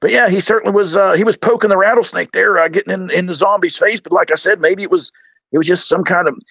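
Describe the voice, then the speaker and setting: Casting note: folksy, rambling co-commentator, a man with a gravelly, rushed delivery on muffled audio. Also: sits high, a bit bright, dry recording. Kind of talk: comedic commentary.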